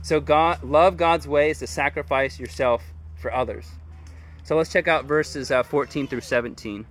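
Male pastor, easygoing sermon delivery, slangy and conversational, a touch high in pitch. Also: moderate pace, a bit bright. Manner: informal and chatty, heavy use of "like" and "dude".

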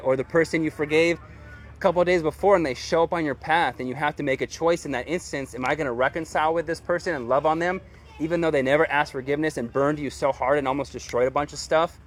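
Earnest slightly high-voiced man preaching. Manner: earnest, conversational preaching with casual slang. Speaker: pastor. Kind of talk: sermon.

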